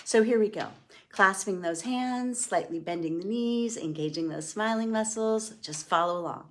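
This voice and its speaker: A middle-aged woman leading a guided breathing and laughter exercise in a slow, soothing way as a wellness instructor. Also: medium pitch. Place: indoors, moving around in front of a camera.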